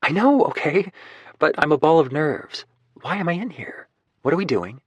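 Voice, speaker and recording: Male narrator voicing a jittery young mother, higher pitched, excitable, close and dry. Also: moderate pace, slightly rough, no room sound. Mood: nervous. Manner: excitable, anxious. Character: nervous, playful young mother, a woman.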